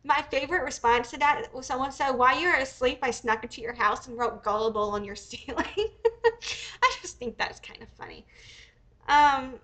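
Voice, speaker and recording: A woman's voice: high-pitched, moderate pace, sharp tone. A young American woman hosting a casual livestream, a bit sick, rambling and swearing as she thinks aloud. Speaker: livestream host.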